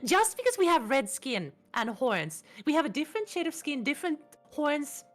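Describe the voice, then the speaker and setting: A playful woman streamer answers interview questions with a lively, swooping voice, her tone jumping from low to high as she jokes. Light music plays faintly under the conversation. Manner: playful, animated, quick with jokes. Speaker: vtuber guest. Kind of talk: casual interview chat.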